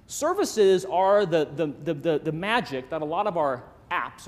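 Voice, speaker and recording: A man giving a lively, joking conference talk on stage, restarting sentences often. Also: fairly high pitch. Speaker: conference speaker. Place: large conference hall. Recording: long hall reverb.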